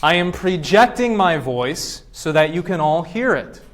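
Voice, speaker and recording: Higher-voiced male professor lecturing a class. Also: animated, a bit bright. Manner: quizzes the class with quick questions; acts out voices to demonstrate points.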